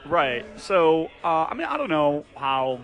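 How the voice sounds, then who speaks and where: A man in his thirties tells stories over drinks in a casual podcast chat, his voice bright and slightly high for a man. He slips into little impressions of the people he quotes. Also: a little slow, faint music behind. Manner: animated storyteller, acts out quotes. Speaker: podcast co-host. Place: bar.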